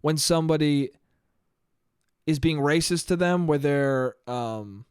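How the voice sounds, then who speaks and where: A man's voice: fairly high pitch, slow, darkish tone, clear, resonant tone, no room sound, studio quality. A young man hosting his own podcast, talking casually in a rambling, profane monologue and laughing often. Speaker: podcast host.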